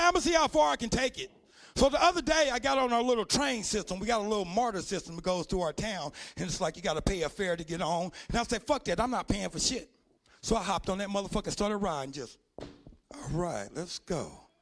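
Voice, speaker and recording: A man performing a loud, profane stand-up comedy set on a club stage. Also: high voice, expressive, fairly quick. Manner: loud, profane storytelling with put-on voices.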